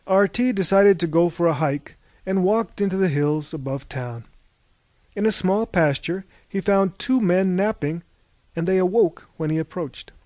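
A man narrating an audiobook in a measured storytelling voice. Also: sits high, a little mellow, dry recording.

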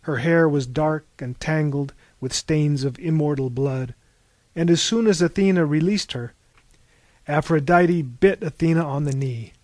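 A man's voice: on the high side, a little slow, darkish tone, dry recording. Man narrating a story, dry and close.

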